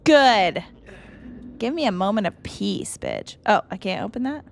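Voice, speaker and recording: A woman's voice: medium pitch, animated, measured pace, gravelly, slight background noise. A young woman streaming a horror game, joking and swearing bluntly as she plays, with faint game music behind. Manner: blunt, profane, joking asides. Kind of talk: casual gameplay commentary.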